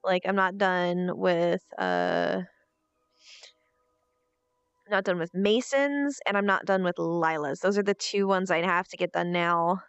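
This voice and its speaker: A woman's voice: fairly low pitch, slow pace, clear, resonant tone, no room sound. A woman streamer chatting casually, narrating to herself what she is doing while she waits for someone. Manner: thinks aloud while waiting, chatty self-narration. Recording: dull lo-fi stream audio with faint music.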